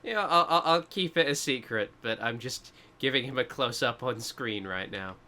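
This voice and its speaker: A man's voice: mid-range voice, moderate pace, bright, forceful tone. A man co-hosting a casual gameplay video, joking and rambling as he plays and mocks himself. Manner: jokey, rambling, self-mocking. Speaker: gaming co-host.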